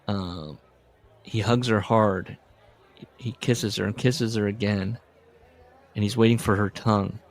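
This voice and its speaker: Guy with a lowish voice recapping a novel on a podcast, does goofy voices when he reads bits. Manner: animated reading with put-on character voices. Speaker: podcast host. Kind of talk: casual book discussion, reading aloud.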